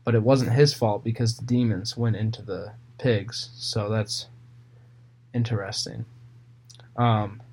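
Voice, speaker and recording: A man reading Bible passages aloud and retelling them casually in his own words, with fillers and pauses. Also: lowish voice, fairly even intonation, darkish tone, husky. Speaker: Bible reader.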